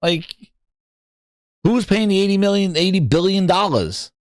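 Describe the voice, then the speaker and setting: A man hosting a gaming podcast, talking loudly and animatedly, teasing and incredulous. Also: high voice, expressive, a little slow, no room sound, studio quality. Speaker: podcast host. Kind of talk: excited casual gaming talk.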